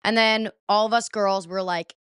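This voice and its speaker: A young woman in her twenties tells a story to her podcast listeners in a loose, chatty way, swearing now and then and leaning on "like" constantly. Her voice is smooth and clear, recorded close and dry with no room around it. She sits at a middling pitch. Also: steady tone, moderate pace, a bit bright, dry recording. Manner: chatty, swears freely, lots of "like". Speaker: podcast host. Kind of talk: casual storytelling.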